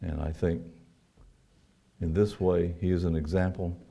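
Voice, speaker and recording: A man's voice: low voice, level tone, a little slow, vocal fry, warm tone. A man preaching a sermon, earnest, quoting scripture and asking his listeners rhetorical questions.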